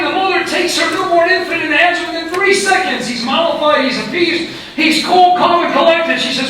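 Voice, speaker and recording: A man's voice: very high voice, fairly quick, pushed and bright. A man, a rabbi, giving a storytelling Torah lecture full of Hebrew and Yiddish terms. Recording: echoey hall, speaker far from mic, faint noise.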